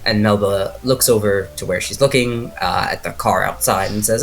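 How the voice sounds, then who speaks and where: A man's voice: fairly low pitch, moderate pace, few pauses, soft background music. A man narrating as game master of a tabletop horror game, casual and rambling with many fillers.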